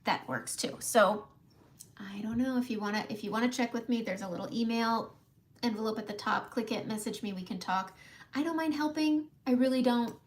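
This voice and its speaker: A chatty middle-aged woman hosts a relaxed makeup livestream from home, with a voice pitched a little high. She talks viewers through each step, greets them by name, and laughs easily. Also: fairly quick, slight background noise. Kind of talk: casual live makeup tutorial.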